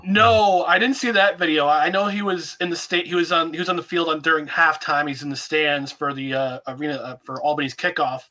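A man hosting a sports podcast, speaking casually and haltingly with fillers. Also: fairly high pitch, steady tone, pushed and bright. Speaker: podcast host.

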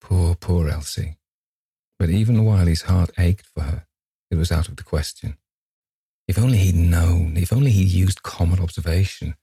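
Deep, gravelly male storyteller. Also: normal speed, dark tone, no room sound. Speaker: audiobook narrator. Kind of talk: scripted narration of a ghost story.

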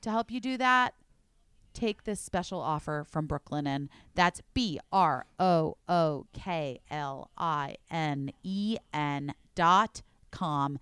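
A woman podcast host reading ads in a casual, enthusiastic, chatty way, sometimes dropping to a quiet voice for emphasis. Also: deep voice, lively intonation, slow pace, smooth, no room sound, studio quality. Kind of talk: casual chat ad read.

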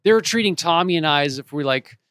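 A man in his forties, an actor and author, telling stories as an interview guest, animated and acting out the voices of the people he quotes. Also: fairly high pitch, fast, clean tone, no echo, clean studio sound. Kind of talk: casual storytelling in an interview. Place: home in Los Angeles.

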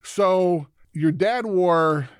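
Higher-voiced man telling stories, dry sound. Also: very slow, clear, resonant tone, no echo. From Chicago, USA. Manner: animated storyteller who acts out quoted voices, casual swearing. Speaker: podcast guest, former football player. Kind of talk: casual storytelling interview.

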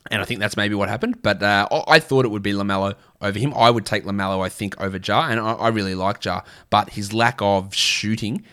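An Australian man in a middle-pitched voice hosts a casual livestream. He talks in a chatty, blunt way, answering viewer questions with frequent restarts and filler words. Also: a bit bright. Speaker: fantasy basketball livestream host.

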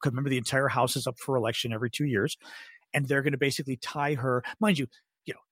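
A man co-hosting a casual political talk show, animated and throwing in quick jokey asides. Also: medium pitch, husky, dry recording. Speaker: podcast co-host.

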